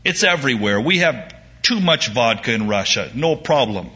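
A man's voice: medium pitch, animated, normal speed, pushed and bright. A man voicing a nonchalant traveler who speaks matter-of-factly, in a dull lo-fi recording. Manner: shrugging and matter-of-fact. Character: nonchalant man tossing away vodka.

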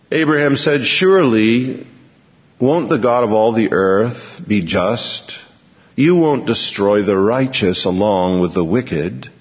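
A pastor teaching an expository sermon, reading scripture aloud and then explaining it with emphatic repetition. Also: male voice, medium pitch. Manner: emphatic, repeats key phrases. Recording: lo-fi recording in a large reverberant hall.

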